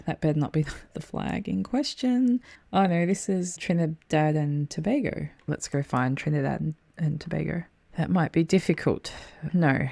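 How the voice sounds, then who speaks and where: Low gravelly woman gaming. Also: warm tone, no echo. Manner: thinks aloud, swears freely, mutters asides. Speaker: game streamer. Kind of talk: casual gameplay commentary.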